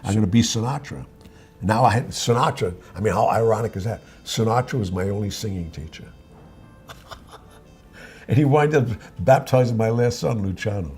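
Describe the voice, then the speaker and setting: Gravelly older New man. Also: lowish voice, moderate pace. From New York. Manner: animated, acts out the voices of people in his stories. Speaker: guest. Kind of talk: casual storytelling.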